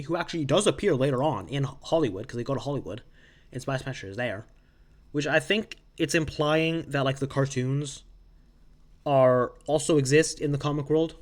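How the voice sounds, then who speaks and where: Brief: young male comics vlogger, chatty and rambling, mid-pitched voice, self-interrupting asides. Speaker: comics reviewer. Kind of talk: casual recap monologue.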